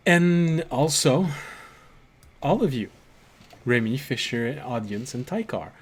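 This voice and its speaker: A man runs a tabletop game, setting each scene at an unhurried pace. He pauses often to gather his thoughts. His voice sits in a middle pitch. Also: lively intonation, slightly rough. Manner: unhurried narration with fillers and restarts. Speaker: game master.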